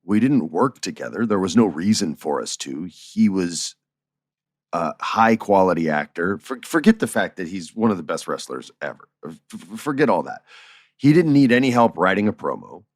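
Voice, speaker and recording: Man, very low voice, dry close sound, casual storytelling podcast host, animated, chuckles. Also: normal speed, no echo. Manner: animated, chuckles while telling stories, acts out quoted dialogue.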